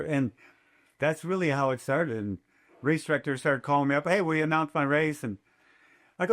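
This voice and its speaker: An older man, a race announcer, telling a story as a podcast guest in a lively, chatty way. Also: fairly high pitch, moderate pace. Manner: lively, chatty, fond of quoting himself. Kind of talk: casual storytelling.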